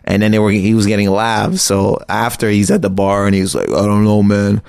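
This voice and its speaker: Low-voiced man telling animated stories. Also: a little fast, gravelly, no echo, clean studio sound. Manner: animated storytelling, laughing. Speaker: stand-up comedian guest. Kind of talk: casual podcast chat.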